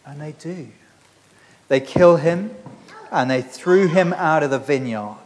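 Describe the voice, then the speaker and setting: A man's voice: on the high side, expressive, slow pace, darkish tone, slight background noise. A man preaching a sermon in an earnest, conversational way, often restarting phrases.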